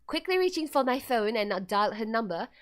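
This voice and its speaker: Bubbly high-voiced woman streamer. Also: very animated, a little fast, clear, resonant tone. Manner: playful, chatty asides, giggles, tries a British accent. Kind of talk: reading a horror visual novel aloud with commentary.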